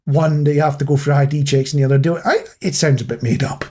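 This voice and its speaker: A man's voice: on the high side, steady tone, fast talker, darkish tone. A man co-hosting a podcast, telling jokey stories in casual chat. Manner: chatty, jokey storyteller. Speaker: podcast co-host.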